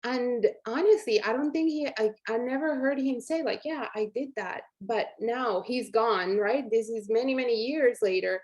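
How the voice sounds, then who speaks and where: A woman in her forties with a slightly high voice hosts a live online coaching workshop. She talks in a chatty, encouraging way, turning again and again to her viewers as "you guys.". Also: moderate pace, hardly any pauses, darkish tone. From Colombia. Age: 40s. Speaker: workshop host.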